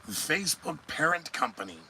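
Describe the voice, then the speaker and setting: A man's voice: a little high, very animated, fairly quick, bright, forceful tone, a little hiss or hum, poor audio. A man hosting a solo news commentary podcast, sarcastic and rambling, often answering his own remarks. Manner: sarcastic, rambling, talks back to himself. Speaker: podcast host.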